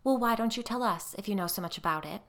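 A woman's voice: medium pitch, animated, moderate pace, a bit bright, pitched above the performer's own voice. Woman doing a tense, pleading mother. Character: tense, defensive middle-aged mother, pleading.

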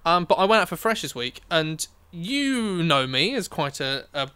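A man's voice: a little high, sing-song, moderate pace, sharp tone, smooth, dry recording. A young man, a musician, rambling energetically in casual chat and swearing freely.

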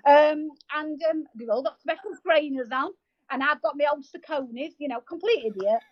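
A woman, telling stories as a podcast guest in a lively, self-mocking way, with plenty of fillers and restarts. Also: sits high, moderate pace, highs cut off. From United Kingdom. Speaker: guest, marathon runner. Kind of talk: casual storytelling in an interview.

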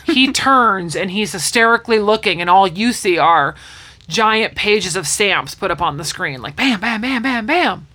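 A woman co-hosting a podcast in casual movie chat, retelling scenes in an animated way with sound effects. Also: mid-range voice, moderate pace. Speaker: podcast co-host.

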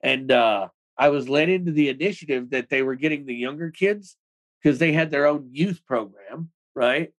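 A man talks as a guest on a podcast, recounting his past in a casual, rambling way. His speech runs quick and loose, padded with "like" and salted with swearing. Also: a little high, poor audio. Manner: rapid, loose talk full of "like" and swearing. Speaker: interview guest, former extremist. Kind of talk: casual storytelling in a podcast interview.

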